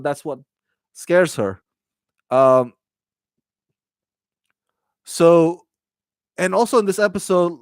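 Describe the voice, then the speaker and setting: A man's voice: medium pitch, clear, resonant tone, no room sound. Chatty man rambling through a TV review. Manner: rambling, self-correcting, chatty with fillers. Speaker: TV review host. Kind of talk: casual spoken review.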